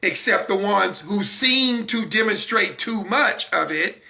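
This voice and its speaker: A man's voice: high-pitched, lively intonation, measured pace, gravelly, sharp tone. A man hosting a talk broadcast in a preaching-style manner, speaking emphatically and with confidence, repeating words to drive his points home. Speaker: broadcast host.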